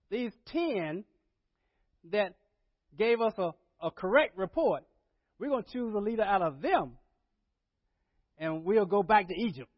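A man preaching a sermon as pastor, swinging between low murmurs and loud dramatic paraphrase. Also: slightly rough, no room sound, muffled recording. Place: church.

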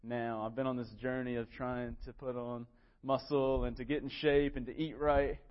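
A man's voice: mid-range voice, little pitch movement, moderate pace, dull audio. A man in his twenties preaching a sermon in a church, reading scripture and telling stories with earnest, self-deprecating humor. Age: 20s. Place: church sanctuary.

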